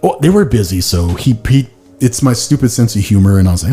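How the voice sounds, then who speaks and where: A man hosting a podcast tells long, rambling stories in casual chat, leaning on "like" and breaking into goofy put-on voices. His voice sits on the low side, with a mellow, dark tone. Faint music plays underneath. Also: big pitch swings, fast. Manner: rambling storyteller, heavy use of "like", slips into silly voices. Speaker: podcast host.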